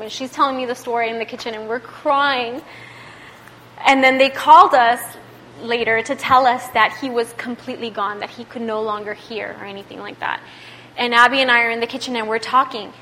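A woman's voice: a little high, sharp tone. A woman preaching to a youth group, telling a personal story in a conversational way and building to passionate exhortation. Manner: passionate, rising to emphatic exhortation. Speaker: youth speaker. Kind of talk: sermon.

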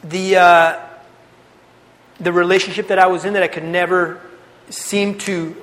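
A young man giving a casual, animated testimony to a youth group, telling his story with slang. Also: high-pitched, a little slow, a little hiss or hum. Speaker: youth speaker. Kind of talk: testimony sermon. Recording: long hall reverb.

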